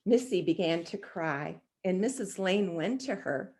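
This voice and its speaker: A woman reads a storybook aloud to children, warmly paced and unhurried. Her voice swings widely up and down to keep young listeners hooked, and she talks to them directly between pages. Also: fairly low pitch, a little hiss or hum. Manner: expressive, animated, speaking to children. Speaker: storybook reader.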